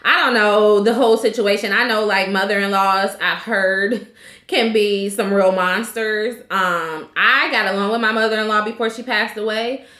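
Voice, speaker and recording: A woman's voice: medium pitch, fairly even intonation, moderate pace, bright, forceful tone. A woman in her thirties recapping a reality show in a chatty, opinionated way, full of fillers. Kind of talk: casual recap vlog. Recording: echoey room.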